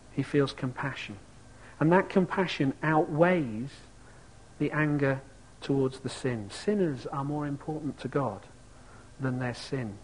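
A man with a fairly high voice preaches a sermon in a church. He talks in a reflective way and often asks his listeners rhetorical questions. A faint room ambience sits behind him. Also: a little mellow, a little hiss or hum, low-quality recording.

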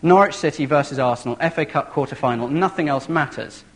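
A man preaching a sermon, telling a story in an animated, vivid way. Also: on the high side, quick pace.

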